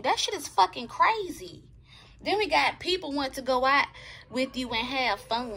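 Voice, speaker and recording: A woman's voice: high-pitched, bright, forceful tone, a little hiss or hum. A woman giving a casual tarot reading, talking bluntly and profanely and checking in with her viewers. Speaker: tarot reader.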